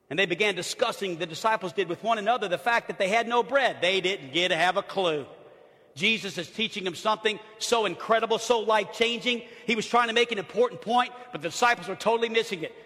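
A man preaching a sermon as pastor, swinging from loud exclamations to hushed, near-whispered lines. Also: extremely high pitch, fairly quick, long reverb tail.

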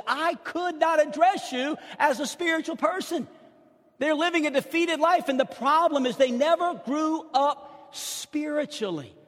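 A middle-aged man preaching a sermon as pastor, impassioned, swinging between loud outbursts and hushed asides, with stammered restarts. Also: very high-pitched, husky. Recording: long hall reverb.

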